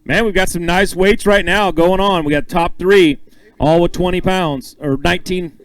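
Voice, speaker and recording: A man emceeing a bass-fishing weigh-in on an outdoor stage, upbeat and joking with the anglers as he calls out names and weights. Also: steady tone, normal speed, dry recording, poor audio. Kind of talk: live emcee announcing with banter.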